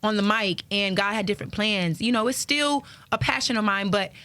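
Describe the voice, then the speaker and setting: A woman comedian from Miami chatting as a guest in a casual interview, animated and quick to laugh. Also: mid-range voice, slight background noise.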